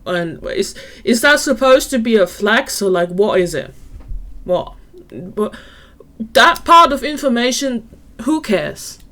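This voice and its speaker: A woman's voice: on the high side, sing-song, slow, pushed and bright. A woman giving skeptical, sarcastic reaction commentary on a video she is watching.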